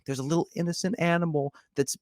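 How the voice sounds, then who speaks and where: A man co-hosting a casual chat about a TV show, ranting in an exasperated, animated way. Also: a little high, fast, no echo, clean studio sound. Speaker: podcast co-host.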